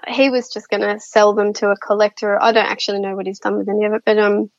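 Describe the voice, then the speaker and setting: In a casual interview, a woman guest tells stories about her experiences, chatty and laughing often, full of fillers and restarts. Her mid-range voice keeps a level tone at a quick pace, and the recording is dry with the highs cut off.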